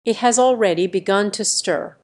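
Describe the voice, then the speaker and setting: A woman's voice: mid-range voice, moderate pace, a little mellow. A woman narrating a romance story in a scripted audiobook reading.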